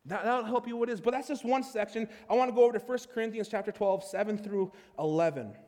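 High-voiced pastor in a reverberant hall. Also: male voice. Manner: animated, with quick restarts and playful asides. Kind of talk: conversational sermon.

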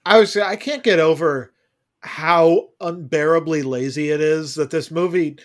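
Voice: medium pitch, a little slow. A co-host in a casual movie review chat, dry and mocking, laughing through complaints. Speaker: podcast co-host.

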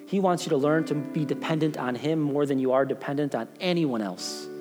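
A man's voice: on the high side, brisk. A middle-aged man preaching a sermon as pastor, earnest, often repeating words as he presses a point. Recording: long hall reverb with soft music behind.

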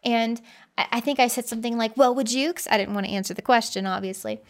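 A woman's voice: fairly high pitch, steady tone, fast talker. A woman hosting a podcast, speaking earnestly in a conversational monologue and telling personal stories. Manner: earnest, personal storytelling with frequent "you know". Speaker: podcast host.

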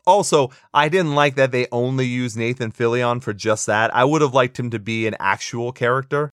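A man's voice: mid-range voice, normal speed, a bit bright, clear, resonant tone, no room sound, studio quality. A man co-hosting a casual movie review podcast, opinionated and sarcastic, laughing often as he talks. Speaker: podcast co-host.

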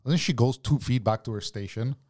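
Telling a profane, heated work story as a podcast guest, this man swears freely and plays both sides of the argument in casual chat. His mid-range voice is brisk with a darkish tone.

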